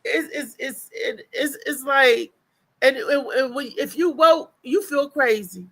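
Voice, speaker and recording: A woman with a high, bright voice chats on a casual livestream. She tells stories with animation and restarts often. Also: takes it slowly. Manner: animated storytelling with frequent restarts and laughter. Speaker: co-host.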